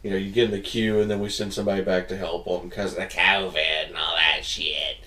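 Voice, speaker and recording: A man co-hosting a podcast, telling stories in a casual, animated way and acting out the people in them. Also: sits low, brisk, roomy sound, distant mic. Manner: animated storyteller, acts out voices, laughs a lot. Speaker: podcast co-host. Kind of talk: casual chat, storytelling.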